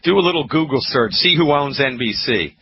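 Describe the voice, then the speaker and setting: A man hosting a call-in health radio show, lecturing emphatically and repeating his points, with a frog in his throat that makes him keep clearing it. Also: medium pitch, animated, fairly quick, no echo. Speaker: radio talk show host. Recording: muffled radio broadcast with faint hiss.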